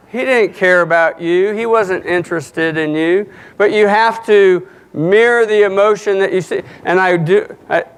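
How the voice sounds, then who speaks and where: Middle-aged guy giving a conference talk, kinda high voice, slow, clear, jokes around. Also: fairly bright tone. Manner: folksy, joking, acts out little dialogues. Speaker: conference speaker. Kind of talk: motivational talk to an audience. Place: conference hall.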